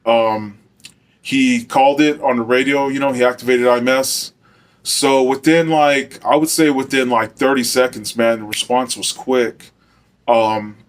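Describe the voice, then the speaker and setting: A middle-aged man from Arizona, a former corrections officer, casually telling a first-person story in a loose, rambling way full of fillers. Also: mid-range voice.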